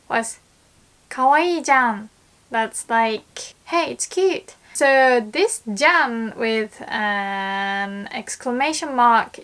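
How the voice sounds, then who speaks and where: A young woman in a casual language lesson, explaining Japanese phrases and acting out lively examples. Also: a little high, gravelly.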